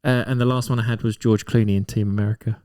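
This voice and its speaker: A man's voice: fairly low pitch, steady tone, quick pace, darkish tone, no room sound, clean studio sound. A man co-hosting a casual film podcast, eagerly sharing film trivia. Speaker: podcast co-host. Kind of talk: casual chat.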